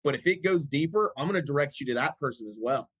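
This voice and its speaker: A man's voice: fairly high pitch, lively intonation, quick pace, fairly bright tone, husky, dry recording, rough recording. A man speaking as a podcast guest, casual and emphatic, with a laid-back, buddy-like way of talking. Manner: emphatic and laid-back, calls people dude.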